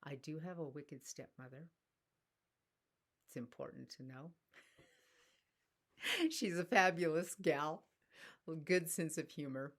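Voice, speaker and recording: A middle-aged woman telling a personal story in a soft-spoken, reflective spiritual talk. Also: low-pitched, slow pace, long pauses. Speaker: spiritual teacher.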